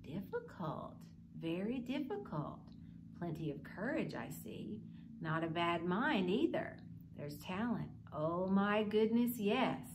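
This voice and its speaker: A woman voicing a wise old talking hat in a storybook reading, soft and pondering. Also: mid-range voice, noisy background.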